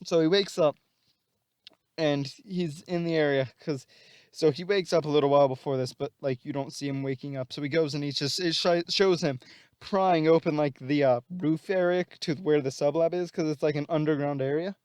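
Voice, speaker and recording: A man's voice: fairly high pitch, fairly even intonation, moderate pace, darkish tone, smooth, no echo, clean studio sound. Rambling man retelling a plot. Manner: rambling, many fillers and restarts. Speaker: channel host.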